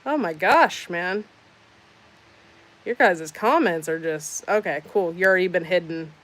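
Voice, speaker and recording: A woman's voice: fairly low pitch, measured pace, fairly bright tone. A woman hosting a casual livestream, reading out chat comments with sarcastic, teasing banter. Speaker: livestream host.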